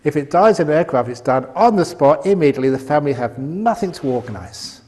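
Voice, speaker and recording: A man's voice: on the high side, animated, fast, a little mellow, big-room sound. An older man giving a humorous dharma talk at a meditation retreat, joking and laughing often at his own lines. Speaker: meditation teacher.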